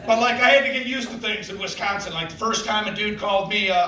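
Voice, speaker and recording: A man's voice: sits high, fast talker. A man from Detroit doing a brash, profane stand-up set at a bar gig. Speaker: stand-up comedian. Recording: echoey bar from far off. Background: loud audience and bar noise.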